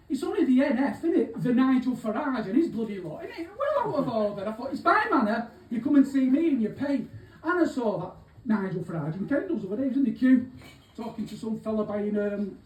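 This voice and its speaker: A cheeky, rambling old-school crook, as a man puts him on for a live comedy set, full of swearing and asides in a mellow voice. He sounds far from the mic in an echoey room with faint hubbub behind. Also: extremely high pitch, very animated, brisk. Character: aging small-time male Manchester thief, cheeky. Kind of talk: live stand-up character monologue. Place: pub gig venue.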